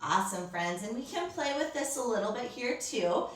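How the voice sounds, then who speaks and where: A woman's voice: fairly high pitch, lively intonation, moderate pace. Woman, children's yoga teacher, encouraging, echoey room, heard from a distance. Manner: encouraging, asks the children questions and praises them. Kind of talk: storytime yoga lesson for children.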